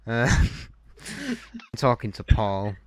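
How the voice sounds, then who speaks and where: A young man co-hosting a podcast, chatting casually in a low-key, understated way. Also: very animated, extremely slow, heavy background noise. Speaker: podcast co-host. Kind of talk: casual chat.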